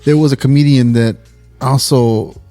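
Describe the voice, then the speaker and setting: A man in his forties with a mellow, dark voice, chatting casually on a podcast. He tells loose, profane stories, with faint music behind him. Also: mid-range voice, fairly even intonation, normal speed. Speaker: podcast co-host. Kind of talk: casual chat.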